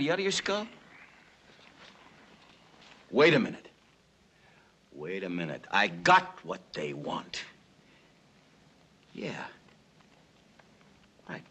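A husky streetwise gangster. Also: male voice, medium pitch, sharp tone, full character voice. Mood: pleading. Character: brash fast-talking gangster, middle-aged man. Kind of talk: 1960s film comedy acting.

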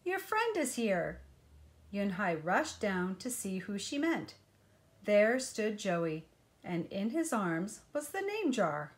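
Slow, gentle woman reading a storybook. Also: mid-range voice, sing-song. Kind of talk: reading a picture book aloud.

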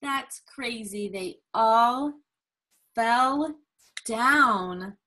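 Slow, bright-voiced woman reading aloud. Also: fairly high pitch. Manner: slow, expressive, with gasps and prompting questions. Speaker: adult reading a picture book to a child. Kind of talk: storybook read-aloud.

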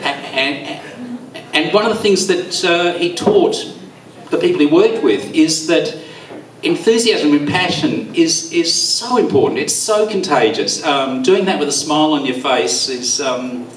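A man speaks at a memorial, rambling and halting, his voice quavering as he holds back tears. His voice sits a little high. He is picked up from a distance in a roomy, echoing club hall with faint room noise. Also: animated. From Australia. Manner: rambling, halting, with many fillers. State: teary, voice quavering. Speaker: eulogy speaker. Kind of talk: memorial speech. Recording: echoey room, far from mic.

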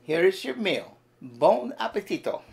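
Theatrical Italian waiter, a man doing the voice, high and loud, put-on Italian accent, sing-song. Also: sing-song, a little slow, vocal fry, loud music behind the voice, heavily acted. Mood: effusive.

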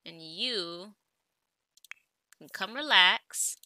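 A woman's voice: mid-range voice, lively intonation, drawn-out words, pushed and bright, a little hiss or hum. A woman giving casual gameplay commentary, chatty and easily exasperated, talking back to the characters on screen. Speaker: let's play gamer.

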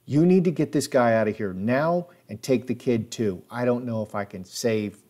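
A man's voice: mid-range voice, moderate pace, a little mellow, lightly acted. A man voicing a corrupt, panicky small-town cop who blusters and defends himself. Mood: anxious.

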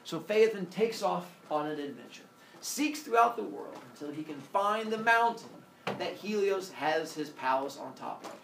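A man telling a story to listeners in a lively, jokey way. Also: sits high, moderate pace, gravelly. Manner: animated, jokey retelling of myth. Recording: echoey room, distant mic, faint hiss.

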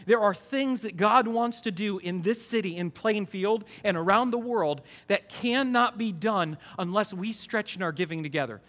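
High-voiced emphatic pastor. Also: male voice, normal speed, few pauses, a bit bright. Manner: emphatic, asks the congregation questions. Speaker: campus pastor. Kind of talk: sermon.

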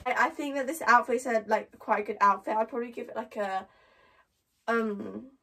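A fairly high-voiced woman co-hosts a relaxed vlog, chatting quickly and offhandedly about clothes. Her voice sits at a distance from the microphone. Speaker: vlogger co-host. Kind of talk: casual chat.

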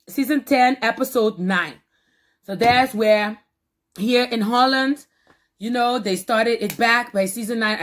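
A woman vlogging a casual food and TV reaction, talking in an excitable, emphatic way and repeating phrases, with TV audio behind her. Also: on the high side.

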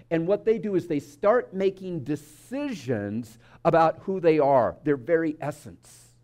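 A man's voice: high voice, dark tone. A man preaching a sermon at a church service, speaking conversationally, telling stories and asking the audience asides. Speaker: speaker at a spiritual community service.

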